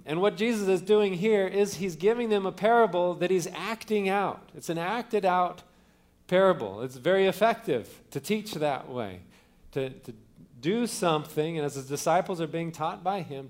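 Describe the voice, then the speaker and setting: Male pastor, slightly high voice, casual sermon delivery with restarts. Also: expressive, unhurried. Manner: conversational teaching with fillers and restarts; opens with a quiet prayer.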